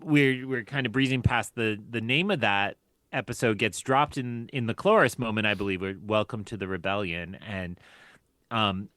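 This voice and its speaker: Bright-voiced enthusiastic man on a podcast. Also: lowish voice, smooth, no room sound. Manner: enthusiastic, laughs often, many fillers. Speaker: podcast co-host. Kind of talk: casual podcast chat.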